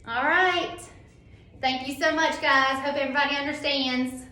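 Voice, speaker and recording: A woman instructor, demonstrating a procedure to a class in a loud, upbeat teaching voice that she sometimes softens to soothe a patient. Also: high voice, steady tone, moderate pace. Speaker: dental assisting instructor. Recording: echoey room with faint noise.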